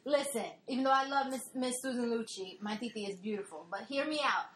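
Woman podcast host, bright higher voice, gushing and emotional, echoey room recording. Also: fast. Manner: emotional, gushing, laughs often. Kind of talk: casual chat. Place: home, family gathering.

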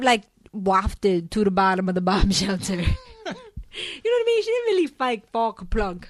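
A woman hosting a casual talk show, recapping soap opera episodes in an animated, chatty way full of fillers and laughs. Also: medium pitch, normal speed, dry recording. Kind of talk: casual chat.

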